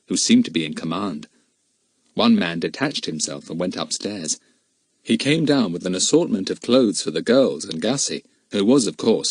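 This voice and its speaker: A man reading a children's adventure novel aloud as narrator, in a steady storytelling manner. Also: low voice, husky, no room sound, clean studio sound. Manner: steady storytelling, shifting into character voices. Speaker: audiobook narrator. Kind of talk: scripted narration.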